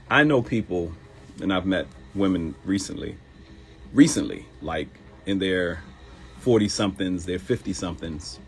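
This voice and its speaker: Middle-aged man, comedian host, very low voice, lively swooping delivery, joking monologue. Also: low-quality recording. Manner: animated, joking storytelling. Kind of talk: live show monologue.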